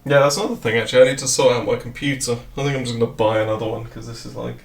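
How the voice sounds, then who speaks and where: Talking rapid-fire in a gravelly, medium-pitched voice with fairly even intonation, a crypto trading streamer chats loosely on his livestream. He wanders off topic, swears and laughs often. Faint music sits behind a roomy echo.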